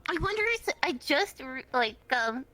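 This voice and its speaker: A woman chatting as an interview guest, talking loosely with lots of "like" and quick giggles. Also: sits high, animated, bright, forceful tone. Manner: chatty, filler-heavy, giggly. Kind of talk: casual chat.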